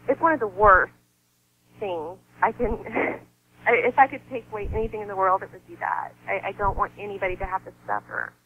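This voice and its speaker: A woman guest speaking in a soft, heartfelt way in a conversational interview, with sighs and small laughs. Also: mid-range voice, breathy edge. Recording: slightly dull sound with faint noise.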